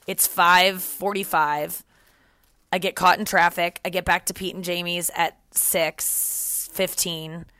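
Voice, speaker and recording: Telling a story on her podcast in a casual, animated way, a female host acts out the voices of the people she quotes. Her pitch is fairly low, and the studio sound is clean with no echo.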